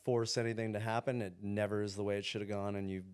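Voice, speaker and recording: A man's voice: lowish voice, level tone, fast, clear, resonant tone. A man who is a tattoo artist, a guest on a podcast, speaking in an earnest and reflective way in casual conversation.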